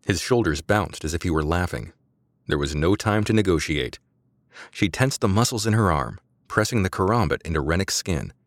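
Male narrator, low voice, dry close read, measured dramatic audiobook style. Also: fairly bright tone, dry recording.

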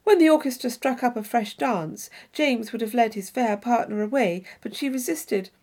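A woman reading a classic novel aloud as an audiobook narrator, measured and even. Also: fairly high pitch. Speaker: audiobook reader. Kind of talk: scripted narration.

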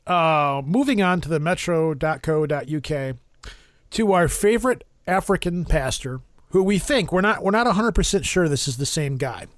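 A man's voice: on the high side, animated, moderate pace, dry recording, clean studio sound. A man hosting a paranormal podcast, reading news articles aloud with stumbles and self-mocking asides.

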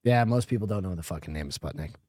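A man's voice: sits low, animated, fast talker, a little mellow, dry recording, studio quality. A man co-hosting a podcast, telling stories in a loose, rambling way with plenty of swearing. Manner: loose and profane, rambling storytelling. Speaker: podcast co-host. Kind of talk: casual chat.

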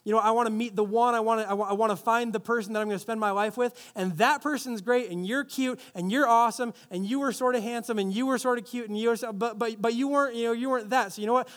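A man's voice: very high-pitched, quick pace, few pauses. A man preaching a sermon, reading scripture, leading the congregation in repeating a phrase, and adding playful asides. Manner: animated, playful asides, leads congregation in call-and-response. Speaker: pastor.

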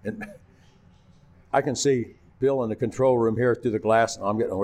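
An older man, a retired TV announcer, telling lively anecdotes in a casual interview and acting out the voices of the people in them. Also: mid-range voice, fairly quick. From Missouri.

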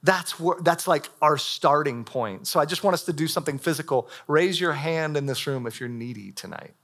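Young male pastor, slightly high voice, casual and animated sermon delivery in a church hall. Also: normal speed. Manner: casual, animated preaching with frequent "like" fillers. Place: church hall before a live audience.

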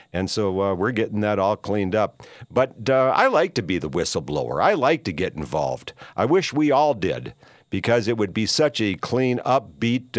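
A man's voice: fairly low pitch, no room sound, studio quality. An older man hosting a podcast, delivering a rambling, opinionated monologue full of "uh" fillers and emphatic rhetorical questions. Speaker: podcast host.

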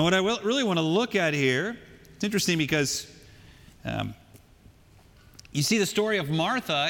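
A male pastor delivering a sermon in a church, conversational and animated, with joking asides. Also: a little high. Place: church sanctuary. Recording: long hall reverb.

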